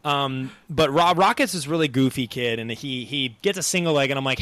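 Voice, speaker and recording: A man hosting a podcast and coaching jiu-jitsu, telling funny class stories in an animated way and laughing easily. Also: mid-range voice, fairly quick, no echo. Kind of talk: casual podcast chat.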